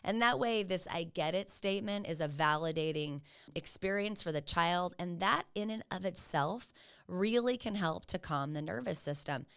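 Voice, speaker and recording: A woman's voice: fairly low pitch, moderate pace, a bit bright, clear, resonant tone. An older woman giving casual, earnest parenting advice, encouraging and acting out what parents could say. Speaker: parenting educator. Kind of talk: casual teaching talk.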